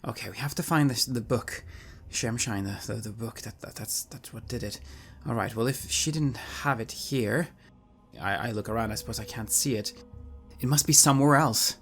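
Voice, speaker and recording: A man's voice: on the low side, normal speed, fairly bright tone, soft background music. A man playing in a tabletop game, hesitantly thinking aloud about his moves. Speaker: player.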